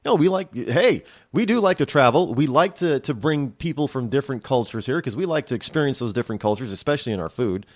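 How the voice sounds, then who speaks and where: American male radio host, lively up-and-down delivery, rambling opinionated monologue with frequent restarts. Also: mid-range voice, fast, few pauses. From United States. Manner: rambling, emphatic, many restarts and asides. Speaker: radio talk show host. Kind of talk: political talk radio monologue.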